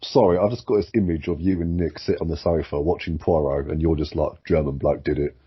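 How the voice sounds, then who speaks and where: Deep-voiced man with dry jokes. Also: fairly even intonation, quick pace, lo-fi sound, a little hiss or hum. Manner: dry teasing humour, chipping in with jokes. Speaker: podcast co-host. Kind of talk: casual podcast chat.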